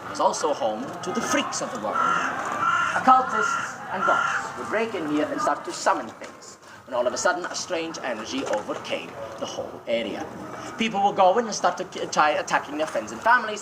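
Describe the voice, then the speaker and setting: A man leading a ghost tour outdoors, telling dramatic stories in a jokey, teasing way and ordering the group about, recorded from within the crowd. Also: fairly high pitch. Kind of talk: theatrical storytelling to a tour group. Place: outdoors in a graveyard on a city street. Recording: noisy outdoor recording with passing traffic.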